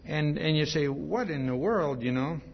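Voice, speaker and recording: A man's voice: on the high side, expressive, normal speed, creaky, husky, big-room sound, highs cut off. A man preaching a sermon in a conversational way, often checking in with his listeners. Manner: conversational, repeats "see?" often.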